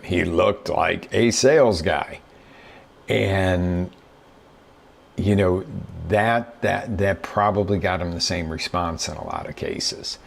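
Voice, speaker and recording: Low and gravelly, this middle-aged man's voice carries a laid-back motivational talk on the show he hosts as a business coach. He tells stories conversationally, acting out the quotes as he goes.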